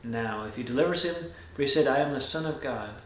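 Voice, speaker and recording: A man's voice: mid-range voice, brisk, a bit bright. Man reading scripture in an echoey room. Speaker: pastor. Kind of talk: scripture reading and short devotional.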